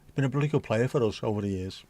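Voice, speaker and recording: A joking livestream host with a medium-pitched, dark-toned voice talks rapid-fire in casual, pub-style chat. His banter is chatty, with mild swearing, and he reads news excerpts aloud conversationally.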